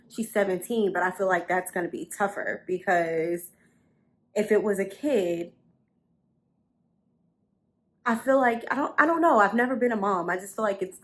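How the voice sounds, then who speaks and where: A young adult woman telling a story to camera in a casual, chatty way from a bedroom at home, repeating phrases for emphasis. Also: mid-range voice. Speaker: vlogger.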